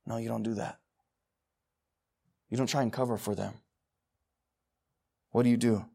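A man preaching a sermon, moving between quiet, intimate asides and loud, emphatic passages as he reads scripture. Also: mid-range voice, steady tone, unhurried, creaky, long pauses.

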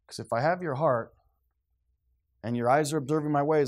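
A male pastor preaching in a loose, conversational way. He swings between raised, punchy lines and quiet, earnest ones, often slipping into acted-out quotes. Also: a little high, moderate pace. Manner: conversational, animated, acts out quotes. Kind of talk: sermon.

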